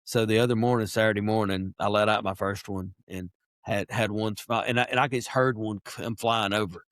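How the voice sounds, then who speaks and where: A middle-aged man, a podcast guest chatting casually and telling lively stories, now and then imitating animal calls. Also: on the low side, moderate pace, dry recording, clean studio sound. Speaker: podcast guest, wildlife biologist. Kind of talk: casual interview chat.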